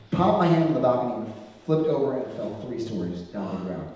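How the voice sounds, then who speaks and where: A man's voice: mid-range voice, big pitch swings, quick pace, mellow. A man doing stand-up comedy, telling an anecdote with lots of fillers on a club stage. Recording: echoey hall, distant mic, audience.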